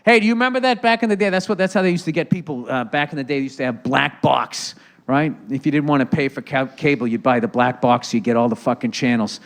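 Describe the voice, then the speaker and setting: A man's voice: mid-range voice, quick pace. A man hosting a live podcast taping on stage, riffing sarcastically and profanely with the audience. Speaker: comedian host of a podcast. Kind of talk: live stand-up podcast taping with crowd work.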